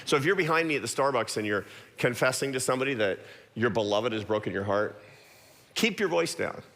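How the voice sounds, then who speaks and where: Lively man telling a story in a hall. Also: medium pitch, a little hiss or hum. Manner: animated, self-deprecating storyteller with quick asides. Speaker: guest speaker. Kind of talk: storytelling talk to an audience. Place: large church auditorium. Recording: long hall reverb.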